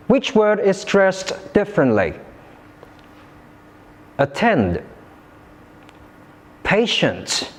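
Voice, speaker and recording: A man teaching English pronunciation in a slow, careful, clearly articulated scripted lesson. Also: on the high side.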